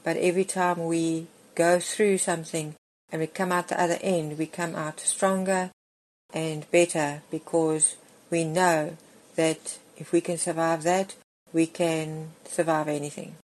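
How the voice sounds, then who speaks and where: A woman's voice: low-pitched, level tone, a little slow, a little mellow. A middle-aged woman preaching a sermon, earnest and emphatic as she reads and explains scripture.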